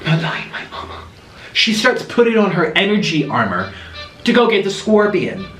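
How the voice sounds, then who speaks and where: A young man telling a lively story while eating, laughing often and acting it out. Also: sits high, normal speed, roomy sound, faint music behind, rough recording. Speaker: vlogger.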